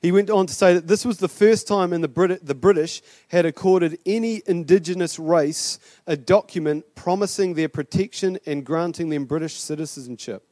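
A man's voice: high-pitched, moderate pace, few pauses, mellow, no room sound, studio quality. A middle-aged man with a New Zealand accent preaching a sermon as pastor, chatty and rambling with fillers and restarts.

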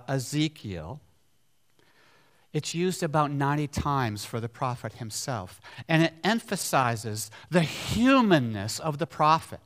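A man's voice: on the high side, a bit bright. A man preaching a sermon, emphatic, repeating key words and putting questions to the congregation. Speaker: pastor.

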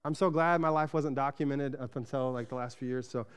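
A man from Arizona preaching a sermon in a casual, chatty way, often checking in with the congregation and getting animated in his stories. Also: mid-range voice, brisk, clear, resonant tone. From Arizona, USA. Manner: animated storytelling, rising louder when excited. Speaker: pastor.

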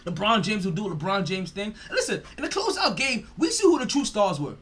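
A man's voice: sits high, big pitch swings, a little fast, a bit bright. A man hosting a sports podcast, ranting in a profane, mocking way and laughing often. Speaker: podcast host.

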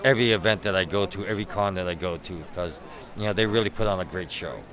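A man's voice: low-pitched, quick pace, fairly bright tone. A middle-aged man, a costumed hero cosplayer chatting in an outdoor interview, self-deprecating and fond of puns. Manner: chatty, self-deprecating, punny, acts out quotes. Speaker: Batman cosplayer. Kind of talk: casual interview chat.

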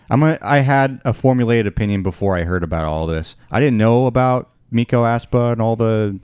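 A man co-hosting a casual album review chat, talking in a relaxed, rambling way with frequent restarts. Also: on the low side, clear, resonant tone, no echo. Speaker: podcast co-host reviewing an album.

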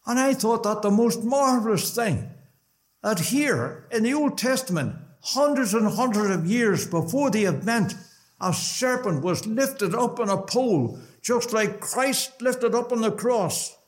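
Lively Northern Irish preacher telling testimony. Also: male voice, high-pitched, measured pace. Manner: conversational storytelling with lively rises. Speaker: preacher giving his testimony. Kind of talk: personal testimony at a gospel meeting. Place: gospel hall.

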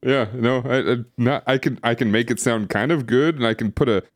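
Through a streaming setup mic comes a male co-host with a mid-range voice who talks a little fast. His casual podcast chat rambles, with many fillers and false starts.

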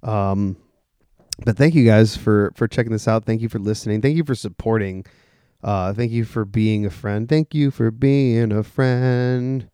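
A young man hosting a solo podcast in a loose, rambling way, with plenty of fillers, restarts and casual swearing. His voice sits somewhat low. The recording is close and dry, with no room sound. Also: normal speed, dark tone, clear, resonant tone, no room sound. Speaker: podcast host.

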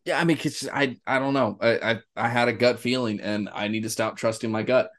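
A man from Florida co-hosting a casual sports podcast, swearing and laughing often, breaking into excited bursts. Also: mid-range voice, fairly quick. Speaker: podcast co-host.

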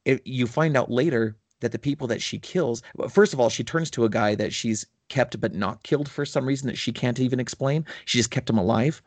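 A man's voice: mid-range voice, a little fast, hardly any pauses, no room sound. A man in casual podcast chat, telling a long story with enthusiasm and many fillers. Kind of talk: casual chat about tabletop gaming.

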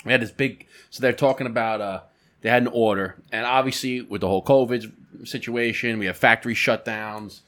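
A man's voice: medium pitch, fairly even intonation, fairly quick, a bit bright. A man on a podcast telling a story about work in a casual, profane way. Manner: casual and profane, with lots of fillers. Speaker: podcast co-host.

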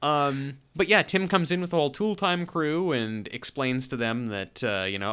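A man's voice: medium pitch, moderate pace, hardly any pauses, clean tone. Wry man in casual podcast chat. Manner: relaxed, wry, acts out quoted lines. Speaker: podcast co-host. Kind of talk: casual chat recapping a sitcom episode.

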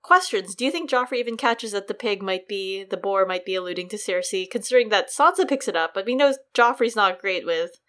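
A young woman talks through the episode with her co-host in an easy, animated way. She laughs a lot, and her voice leaps higher whenever she jokes. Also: a little fast, few pauses. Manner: animated, laughs often, pitch jumps when joking. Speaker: podcast co-host. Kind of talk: casual chat.

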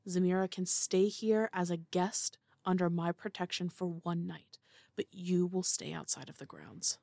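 A woman voicing a stern male grand keeper, speaking in a low, measured, formal way. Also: fairly even intonation, creaky, a little mellow, dry recording.

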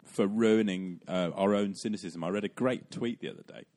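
A man's voice: on the low side, a little fast, a little mellow. A man co-hosting a comedy podcast, dropping dry, wry asides and questions. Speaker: podcast co-host. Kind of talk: casual comedic chat.

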